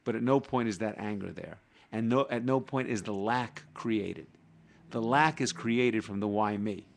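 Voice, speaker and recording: A man's voice: lowish voice, normal speed, creaky. A man, a guest on a talk show, reading short passages aloud and then explaining spiritual ideas with everyday examples. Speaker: guest teaching Kabbalah.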